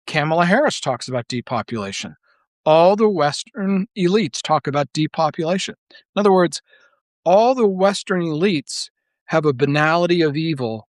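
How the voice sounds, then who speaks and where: A man's voice: mid-range voice, dry recording. A man giving a casual monologue as a political commentator, rambling and blunt, full of filler words and restarts. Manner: blunt and profane.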